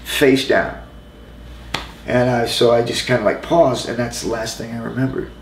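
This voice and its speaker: A man's voice: mid-range voice, fairly even intonation, normal speed. Male ex-wrestler, rambling casual storyteller, roomy echo. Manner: rambling, restarts, fillers. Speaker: interviewee, former pro wrestler. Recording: echoey room with faint noise.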